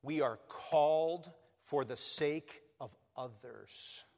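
Man, pastor, sermon, earnest, emphatic peaks, highish voice, echoing church. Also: slow pace, creaky, darkish tone. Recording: long reverb of a church hall.

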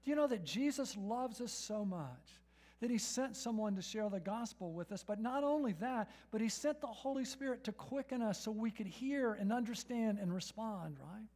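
A man preaches in a high, light voice, pressing his listeners with repeated questions. He climbs to loud, urgent emphasis, then drops to hushed, intimate appeals. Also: expressive, normal speed. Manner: emphatic, asks the audience questions and repeats "right?"; rises to loud, urgent peaks and drops to soft, intimate tones. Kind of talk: sermon.

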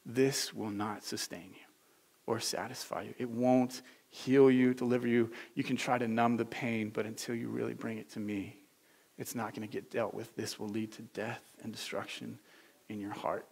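A tender imagined God voice speaks low and quietly, almost in a whisper. A man puts it on in a sermon. It pleads patiently and earnestly, never harsh. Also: little pitch movement, moderate pace, gravelly, slightly rough. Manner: soft, hushed, earnest pleading. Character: gentle, tender male voice of God, pleading softly.

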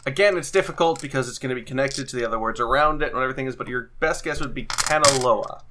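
A man running a tabletop role-playing game as game master, relaxed and laughing often. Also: medium pitch, fast, background noise.

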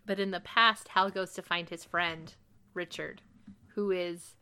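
A woman with a rather low, bright and forceful voice, talking casually as a podcast co-host. She retells a story at a quick, animated clip, full of enthusiasm. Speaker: podcast co-host recapping a TV episode. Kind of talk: casual chat.

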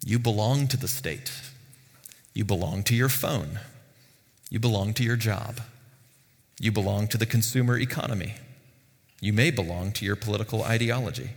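A man preaching a sermon as pastor, conversational and lively, with rhetorical questions and bursts of emphasis. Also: mid-range voice, big-room sound. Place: church sanctuary.

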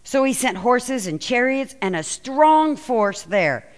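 A woman pastor preaching a sermon and reading scripture aloud, telling the story with lively, acted-out quotes. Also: on the high side, slow. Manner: animated storytelling, acts out quoted lines.

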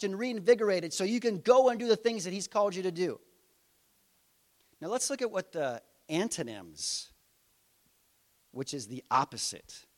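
High-voiced man preaching a casual sermon. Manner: conversational preaching with rhetorical questions. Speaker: pastor.

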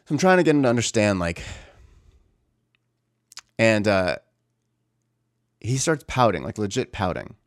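A man's voice: fairly low pitch, very animated, unhurried, pauses often, no room sound, studio quality. A young man candidly recounting a family conflict in casual speech, often stopping to correct himself. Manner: candid, searching, restarts often. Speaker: storyteller. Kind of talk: casual personal storytelling.

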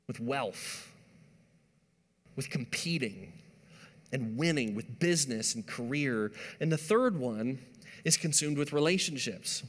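Male pastor mid-sermon, mid-range voice, building emphasis and soft hushes, long reverb of a big room. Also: mid-range voice. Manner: emphatic preaching, rising and dropping to a hush.

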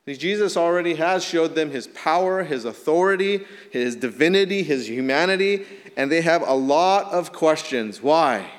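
A male pastor preaching a sermon, swinging from emphatic rises to soft, quiet drops. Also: fairly high pitch, lively intonation, normal speed, long reverb tail. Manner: earnest preaching, rising emphatic then dropping soft.

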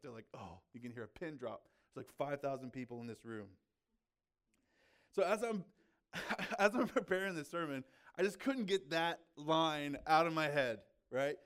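With a somewhat high, slightly bright voice, this pastor preaches casually, as if chatting. His talk is dotted with "like" and "right?", and he frequently checks in with those listening.

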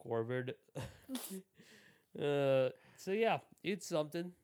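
Male podcast co-host, average pitch, casual profane banter with frequent laughs. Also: normal speed. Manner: joking, profane, laughs often. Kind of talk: casual chat.

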